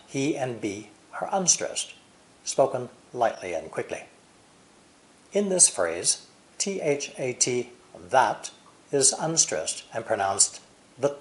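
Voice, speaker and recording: A man with an American accent teaching English pronunciation, speaking deliberately and exaggerating stress and intonation. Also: medium pitch, darkish tone. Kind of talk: pronunciation lesson.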